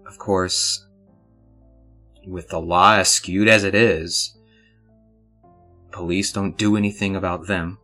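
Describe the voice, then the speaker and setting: A man's voice: sits low, steady tone, slow, pauses often, pushed and bright, faint music behind, exaggerated voice. A man voicing a serious woman gang leader who gives orders in a businesslike way, with hesitant restarts.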